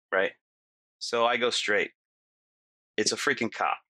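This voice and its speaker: A man telling a long personal story in casual chat, animated, acting out quotes and often adding "you know" and "right". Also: fairly low pitch, measured pace, pauses often, no room sound.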